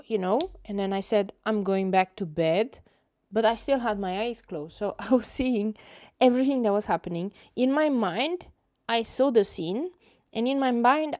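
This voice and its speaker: A woman's voice: mid-range voice, a little mellow, no echo, clean studio sound. A young woman hosting an art livestream, telling a story in a chatty, rambling way with many fillers. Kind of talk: casual storytelling while painting.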